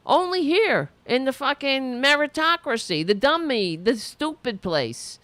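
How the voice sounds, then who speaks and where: A woman's voice: high voice, expressive, a little slow, a bit bright, no room sound. A woman hosting a political commentary show, delivering a profane, sarcastic, heated rant.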